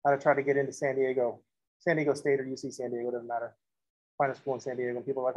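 A man's voice: mid-range voice, little pitch movement, racing, a little mellow, highs cut off. A man teaching a math lesson in a classroom, moving from step-by-step explanation into chatty, joking stories and acted-out dialogues. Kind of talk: classroom lecture with joking asides.

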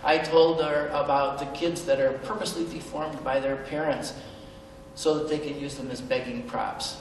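A man's voice: on the high side, steady tone, moderate pace. Middle-aged male speaker, earnest storyteller with wry humor; distant mic in a reverberant hall, faint room noise. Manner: earnest, with self-deprecating humor and hesitant fillers. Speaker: speaker at a benefit event. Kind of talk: personal storytelling speech. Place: large event hall.

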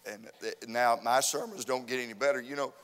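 A man preaching a revival sermon with fervent, repetitive emphasis that rises to loud urging. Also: mid-range voice, steady tone, a little fast, clean tone. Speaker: visiting preacher. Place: church sanctuary. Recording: long church hall reverb.

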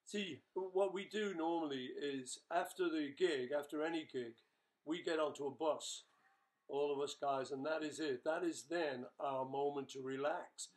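Older male musician, casual webchat, jokey and rambling, slightly high-pitched speaking voice. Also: normal speed. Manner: chatty, jokey, rambling with fillers. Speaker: rock musician answering fan questions.

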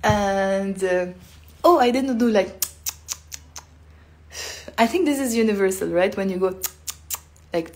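Taking it slowly with long pauses, a woman with a mid-range voice runs a casual language lesson on a live stream. She's chatty and heavy on fillers, demonstrating the sounds she teaches expressively.

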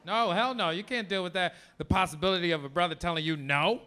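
A man performing a loud, animated, profane stand-up comedy routine on a comedy club stage. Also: high voice, fast. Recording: live club audio with crowd laughter.

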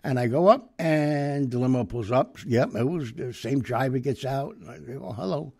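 An older man casually telling an anecdote in a rambling way, acting out the dialogue with lively voices. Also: mid-range voice, moderate pace, slightly rough, no room sound, studio quality. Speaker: storyteller.

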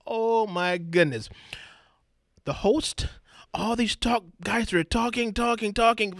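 Middle-aged man, studio radio host, exuberant and booming, high bright voice, dry close sound. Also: dry recording. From Southern California. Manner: exuberant, booming, playful shouting. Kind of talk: lively radio talk show hosting.

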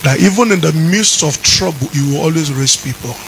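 A man preaching a sermon as pastor, chanting his lines and rising into shouts. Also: fairly high pitch, brisk, vocal fry, a little hiss or hum, low-quality recording.

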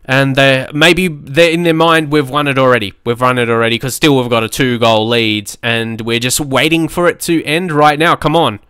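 A young man, giving casual, excitable commentary on a football management game and often laughing at himself. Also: mid-range voice, clear, resonant tone, dry recording, clean studio sound. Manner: excitable, quick to shout at match moments, laughs at himself. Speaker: gaming YouTuber.

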